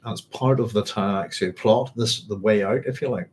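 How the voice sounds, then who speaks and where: This book club host has a low, darkish voice and speaks at normal speed, with slight background noise. He reads passages of a novel aloud, mulling them over as he goes and often adding "if you like."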